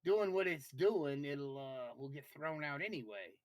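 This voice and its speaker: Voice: mid-range voice, animated, measured pace, poor audio. A player in a casual tabletop game who swears freely and talks with lots of energy.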